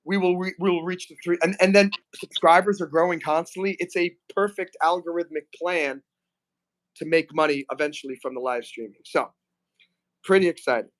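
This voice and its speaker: A man hosting a casual live stream, reading out chat messages and talking to a guest, often clearing his throat. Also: fairly high pitch, fairly even intonation, normal speed, fairly bright tone. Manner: chatty, reads chat aloud, frequent throat clearing.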